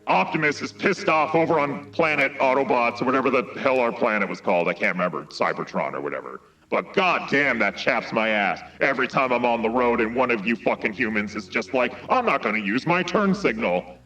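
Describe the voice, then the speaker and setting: A man voicing a gruff male robot leader who rants indignantly, through a radio-style filter. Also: mid-range voice, expressive, a little fast, pushed and bright, distant mic, muffled recording. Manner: blustering, indignant ranting. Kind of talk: comic live-stream impression.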